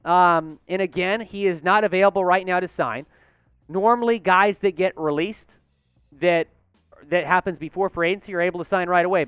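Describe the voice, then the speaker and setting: An excitable male sports host running a live news stream, his voice high and smooth. The sound is dry and close, with almost no room to it. He talks with rising hype and gets winded from all the excitement. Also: no echo. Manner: excitable, hyped, chants and cheers. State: out of breath.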